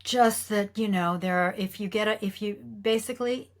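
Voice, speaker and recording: A middle-aged woman recounts stories from her work with lively, animated delivery. She slips into quoted voices and breaks into laughter along the way. Her voice sits at an ordinary middle pitch for a woman. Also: moderate pace. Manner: lively storyteller, acts out quoted lines, laughs often. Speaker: guest actress. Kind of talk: animated anecdote telling.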